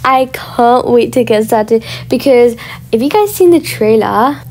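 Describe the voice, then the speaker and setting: A woman hosting her own channel, giving excited, gushing commentary while exploring a game, often gasping and squealing. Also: fairly high pitch, a little slow.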